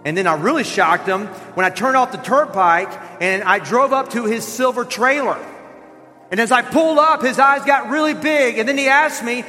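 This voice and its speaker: A male pastor with a high, bright, forceful voice, preaching in a church. He tells his story with animation, slipping into the voices of the people in it. The sound carries a long hall reverb with faint music behind him. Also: normal speed. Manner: animated storyteller who acts out quoted voices. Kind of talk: sermon storytelling. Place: church sanctuary.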